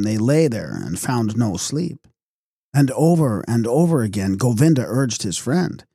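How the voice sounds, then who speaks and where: A man narrating a novel as an audiobook in a calm, measured way. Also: on the low side, creaky, slightly rough, dry recording, studio quality. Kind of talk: audiobook reading.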